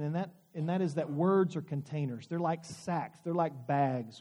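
A male pastor in his forties preaching a sermon with a noticeably high voice. He tells stories with folksy asides. He slows down and stretches words to stress a point. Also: darkish tone. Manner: storytelling, drawn-out emphasis, folksy asides.

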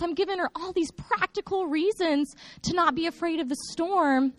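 High, bright-voiced woman telling church stories. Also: brisk, few pauses, dry recording. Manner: lively joking storyteller, turns earnest. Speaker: church children's ministry speaker. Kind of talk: humorous recap talk to a congregation. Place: church sanctuary with a stage.

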